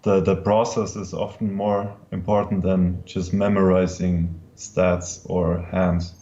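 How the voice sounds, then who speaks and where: A man speaking as a guest in a casual poker chat, calm, measured and modest. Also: low voice. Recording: dull lo-fi sound.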